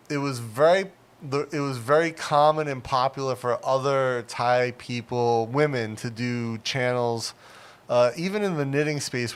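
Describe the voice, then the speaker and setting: A man's voice: mid-range voice, clean tone. A middle-aged man hosting a casual livestream, chatty and rambling, with many fillers. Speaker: livestream host.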